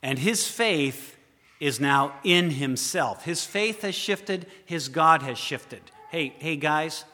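A man's voice: fairly high pitch, animated, slow. Man preaching in a reverberant hall. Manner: dramatic, questions the listeners directly, swings from loud to hushed. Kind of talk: sermon.

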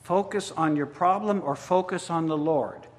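A man's voice: a little high, normal speed. A man preaching a sermon, reading scripture aloud and commenting on it with pointed rhetorical questions. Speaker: pastor. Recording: long reverb of a large hall.

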